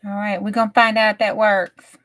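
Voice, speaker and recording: A woman's voice: mid-range voice, level tone, brisk, fairly bright tone, no room sound. A woman chatting casually while she crafts, often dropping to a whisper. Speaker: craft channel host.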